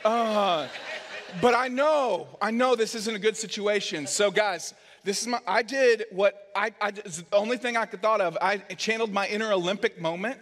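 A man's voice: sits high, moderate pace, fairly bright tone. A man preaching as a pastor, telling a self-mocking story and acting out the voices in it. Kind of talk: sermon story. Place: large church hall. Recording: long hall reverb.

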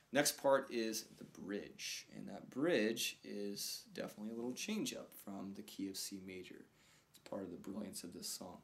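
A man's voice: fairly low pitch, creaky, a little hiss or hum. A man giving a casual guitar lesson, counting beats aloud and calling out chords as he plays. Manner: relaxed, counts beats aloud over strumming. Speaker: guitar teacher. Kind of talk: casual instructional talk. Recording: talk over loud acoustic guitar.

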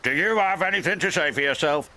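A man's voice: a little high, animated, quick pace, voice pushed up. A man voicing a stern, formal railway boss who gives orders and scolds in a storybook tale. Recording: loud background music.

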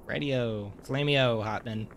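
A man's voice: medium pitch, slow pace, background noise. A man chatting casually and joking while playing a game with a friend. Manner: joking, animated. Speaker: gamer. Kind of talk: casual let's-play chat.

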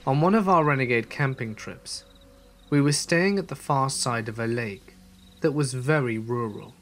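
A man narrating a true horror story in a measured voice that slows for suspense. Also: medium pitch, a little hiss or hum.

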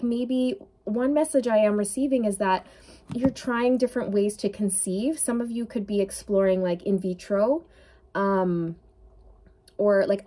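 Speaking to camera in a medium-pitched, dark-toned voice, a woman offers an intuitive tarot reading. She is heartfelt and emotional, sometimes near tears, and uses plenty of filler words.

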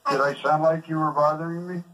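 A man's voice: fairly high pitch, level tone, fast, fairly bright tone. A man on a prank phone call who talks in abrupt, threatening, profane bursts. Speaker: prank caller.

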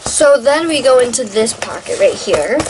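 A woman's voice: a little high, lively intonation, moderate pace, noisy background. Chatty teenage girl vlogger. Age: teens. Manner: chatty and rambling, full of "like" and restarts. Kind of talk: casual show-and-tell vlog.

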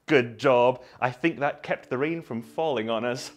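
A man's voice: medium pitch, measured pace, few pauses, soft background music. A man leading a guided movement lesson for young children, coaxing them through call-and-response in a sing-song way. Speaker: children's movement session leader.

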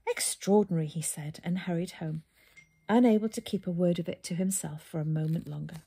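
A woman reads a children's book aloud with steady, calm storytelling. Her voice sits low and mellow, with a soft husky edge. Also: fairly quick. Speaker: narrator.

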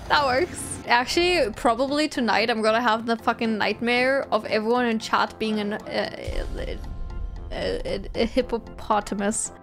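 A woman streaming a game, chatting casually, often laughing, tripping over words and yelling in frustration. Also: a little high, moderate pace, loud music behind the voice. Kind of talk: casual live-stream chat.

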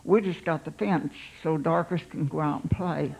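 An older woman, a pastor's wife, telling her life story in an unhurried, halting way, voicing her own thoughts aloud. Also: low voice, vocal fry, darkish tone, a little hiss or hum, low-quality recording.

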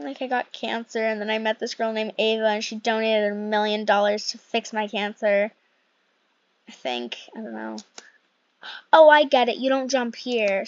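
A woman's voice: fairly high pitch, lo-fi sound. A woman hosting casual game commentary at home, chatty and rambling as she plays. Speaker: gaming channel host.

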